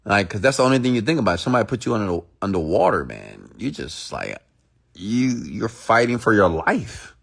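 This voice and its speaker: A man's voice: lowish voice, big pitch swings, fairly quick, vocal fry, fairly bright tone. A man telling a motivational story in a rambling, emphatic, repetitive way. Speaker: motivational speaker.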